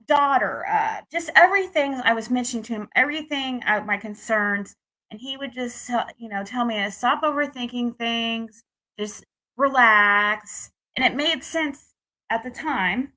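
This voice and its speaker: Talking casually to her viewers, this young adult US vlogger rambles through a dating tale full of restarts and exasperated venting. She speaks in a mid-range voice that comes across bright and forceful.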